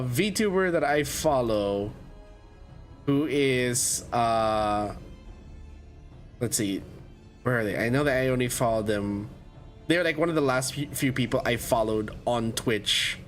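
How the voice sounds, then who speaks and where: A young man streaming a video game, chatting casually and rambling with frequent self-corrections. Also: mid-range voice. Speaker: VTuber streamer. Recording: faint game music behind.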